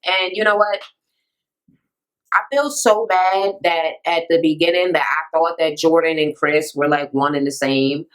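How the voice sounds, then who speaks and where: A woman vlogger giving a blunt, profane, animated rant while recapping a reality TV episode and acting out what the people said. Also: deep voice, measured pace, clean tone, rough recording. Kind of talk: casual ranting recap.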